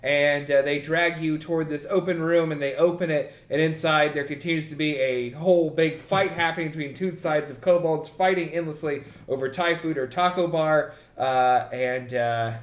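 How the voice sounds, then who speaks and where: Woman GM, lowish voice, giggly narration, echoey room. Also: moderate pace, hardly any pauses. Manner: lively, giggly storytelling with fillers. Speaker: game master. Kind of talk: narrating a comedic tabletop game podcast. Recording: roomy echo.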